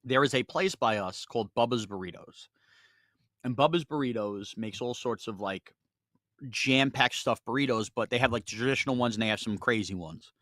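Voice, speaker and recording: A man's voice: medium pitch, normal speed, dry recording, studio quality. A man hosting a sports radio show, telling stories in casual, self-mocking banter. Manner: storytelling, animated, self-mocking.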